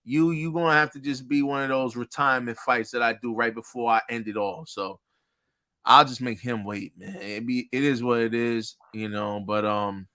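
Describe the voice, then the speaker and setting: A man's voice: mid-range voice, fairly even intonation, normal speed, sharp tone. An American man co-hosting a boxing talk show, giving his candid opinion in a laid-back casual chat.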